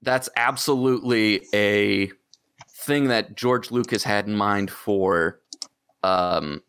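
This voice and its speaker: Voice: low-pitched, slow, fairly bright tone, smooth, no room sound, studio quality. A podcast co-host chatting casually and tossing in joking riffs. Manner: joking, bursts into silly riffs. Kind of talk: casual chat.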